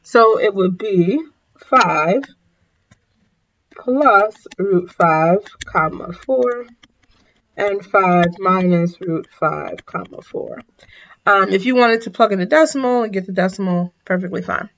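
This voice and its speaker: A woman's voice: medium pitch, slow, a bit bright, dull audio, a little hiss or hum. A woman math teacher talking through a recorded lesson in a casual way, tired and yawning, often correcting herself and saying sorry. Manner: casual, self-correcting, apologetic asides.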